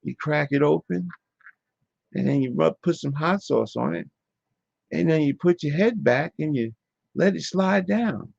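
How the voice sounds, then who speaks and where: A man's voice: fairly high pitch, lively intonation, a little slow, gravelly, long pauses, darkish tone, no echo, voice pushed up, full character voice. A man putting on a young boy in a voice pushed far above his own, casual and matter-of-fact as he explains. It sounds dull and lo-fi, with a dry, close feel.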